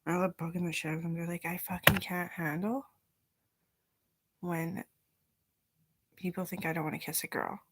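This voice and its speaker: A young woman rambling in a casual vlog, swearing often and drifting between loud talk and whispers. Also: fairly low pitch, fairly even intonation, normal speed, pauses often, slight background noise.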